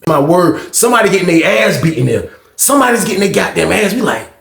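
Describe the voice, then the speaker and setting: A man telling a story casually, animated and profane, acting out scenes with sound effects. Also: fairly high pitch, quick pace, creaky, few pauses, roomy sound.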